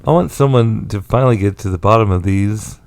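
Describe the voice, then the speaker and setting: A man co-hosting a casual comedy podcast, tossing in teasing jokes and quick comebacks. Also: lowish voice, gravelly, a little mellow, no room sound. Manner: teasing, quick jokey interjections. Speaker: podcast co-host.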